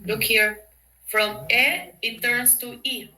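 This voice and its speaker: A woman with an Albanian accent teaches a language lesson, repeating each word patiently for her student to copy. Her voice is bright and fairly high. The room around her sounds echoey. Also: fairly even intonation, slow pace, far from the mic.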